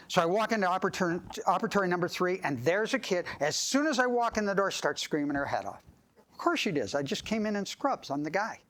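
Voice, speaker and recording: Animated man lecturing with lively pitch. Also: moderate pace, poor audio. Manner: animated, acts out scenes and jumps into high excited voices. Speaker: dentist lecturing a clinical course. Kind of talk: live continuing-education lecture with demonstration. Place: clinic meeting room with live audience.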